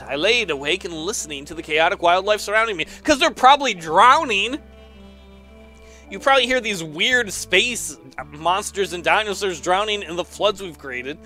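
A let's player with a high, pushed, bright voice comments casually while playing a game. He exclaims often, laughs, and reads the game's text aloud.

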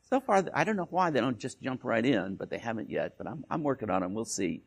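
A man's voice: mid-range voice, sing-song, quick pace, gravelly, slightly rough. A male lecturer giving an academic talk in a joking way, with frequent restarts and "right?" tag questions.

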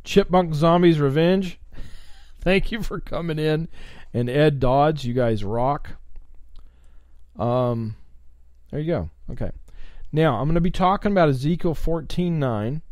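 A man teaching the Bible on a livestream, reading scripture aloud and breaking off with animated asides to his chat viewers. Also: a little high, measured pace, pauses often, dry recording, studio quality.

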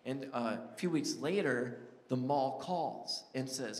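A man's voice: mid-range voice, slow, darkish tone. A male pastor preaching a sermon in a church sanctuary, telling stories in a conversational, joking way. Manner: conversational, storytelling, jokes with the crowd. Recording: echoey church hall reverb.

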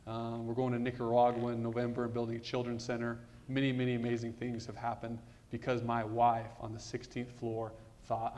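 A man in his thirties tells a personal story in a flat, even voice. He often restarts his sentences and drops into quiet asides. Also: medium pitch, brisk, few pauses. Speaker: guest speaker.

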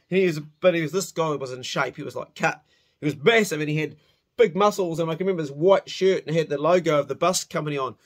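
Animated, swearing New storyteller man. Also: sits high. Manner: animated, swears freely, laughs at himself. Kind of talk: casual spoken storytelling.

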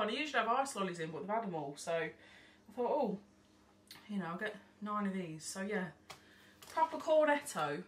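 A woman's voice: mid-range voice, animated, a little fast. A woman, rambling and swearing freely in a casual haul vlog recorded at home. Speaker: vlogger. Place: at home by an open window. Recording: distant mic, faint background noise.

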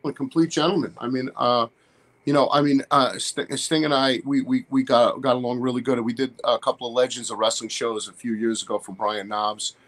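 A man's voice: mid-range voice, fairly even intonation, a little fast, a bit bright. Rambling man telling crude stories. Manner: rambling, crude, laughs through his stories. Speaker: guest, wrestler. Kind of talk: casual storytelling interview.

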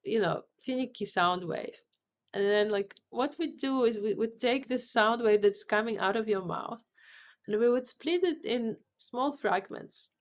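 A woman's voice: a little high, measured pace. Woman explaining with many restarts. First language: not English. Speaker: CEO and guest. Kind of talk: podcast interview.

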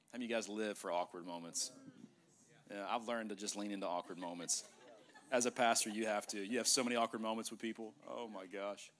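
Man preaching an emphatic sermon. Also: fairly low pitch. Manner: emphatic, drops to a hushed voice for effect. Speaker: pastor. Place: church sanctuary.

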